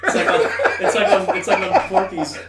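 Loud laughing man in a roomy space. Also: high voice, sing-song, fairly quick. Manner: rambling, laughing, stammering restarts. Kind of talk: crude casual chat. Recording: roomy, distant mic, faint noise.

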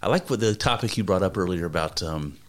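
Deep-voiced man rambling in casual chat. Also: lively intonation, fast. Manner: rambling, profane storytelling with many restarts. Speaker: podcast co-host.

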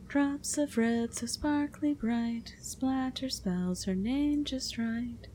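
A woman voicing a young warrior in shock, slowly chanting a rhyme in whispered role-play. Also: a little high, dark tone, a little hiss or hum, voice pushed up. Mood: eerie droning. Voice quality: slow, droning, half-whispered.

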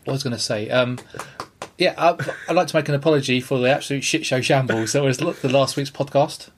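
A man's voice: mid-range voice, fast talker, slight background noise. Man, podcast co-host, rambling and self-deprecating, casual chat.

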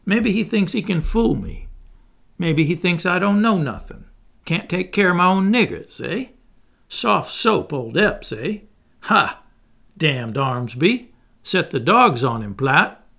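A man voicing a blustering middle-aged plantation master who talks in a gruff, mocking and suspicious way. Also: sits high, sing-song, slow, pushed and bright, pitched above the performer's own voice, exaggerated voice. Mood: scornful.

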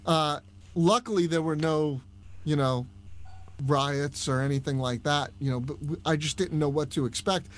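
A man with a Long Island accent, a podcast guest telling stories in a casual, animated chat. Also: fairly high pitch, moderate pace. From Long Island, New York. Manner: storytelling, animated, with restarts. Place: Orlando, Florida.

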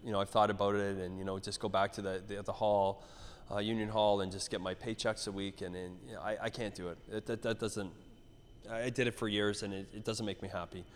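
A man's voice: on the low side, fairly quick, a little hiss or hum. A middle-aged man from Canada, a gym owner chatting in an interview, rambling and swearing with lots of restarts. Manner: rambling, profane, animated storytelling with many restarts. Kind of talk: casual interview chat. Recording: echoey hall reverb.

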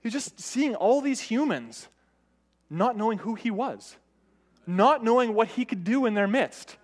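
A man with a high voice preaches a sermon. He talks in a conversational way, keeps asking the listeners "right?", and raises and drops his voice for emphasis. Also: animated, a little slow. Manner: conversational, often asks "right?"; varies pitch and loudness for emphasis.

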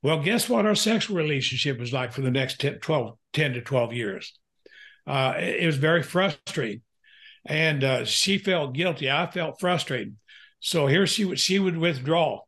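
An older man, a pastor and counselor, telling a candid personal story in an interview, earnest and halting with frequent fillers. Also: a little high, expressive, a bit bright.

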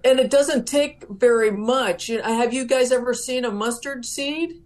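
A woman speaking in a gentle, affirming way in a casual spiritual chat. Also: on the high side, normal speed.

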